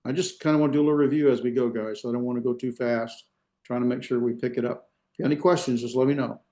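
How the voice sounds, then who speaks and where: A man's voice: medium pitch, fairly even intonation, rapid-fire, dark tone, roomy sound. A male instructor giving an online class lecture, patient and step by step, often checking in with "right?" and quizzing his students.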